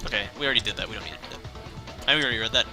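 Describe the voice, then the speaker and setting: A man's voice: medium pitch, very fast, over music. A young man casually playing through a visual novel, reading the text aloud, rambling, correcting himself and laughing often. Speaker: let's play host.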